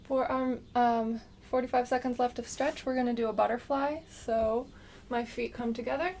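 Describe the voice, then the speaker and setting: A woman with a slight cold guiding an exercise class, giving gentle, unhurried cues with frequent pauses. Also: fairly high pitch, steady tone, recorded from a distance, a little hiss or hum. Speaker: movement instructor.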